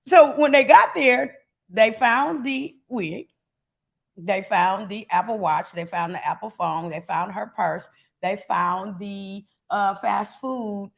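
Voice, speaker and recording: A woman co-hosting a podcast in casual chat, animated and laughing often. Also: mid-range voice, slow pace, gravelly. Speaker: podcast co-host.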